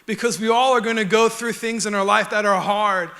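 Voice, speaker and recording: Earnest, high, bright-voiced male pastor. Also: steady tone, a little fast. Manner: earnest, conversational preaching with soft, quiet stretches. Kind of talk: sermon. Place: church auditorium.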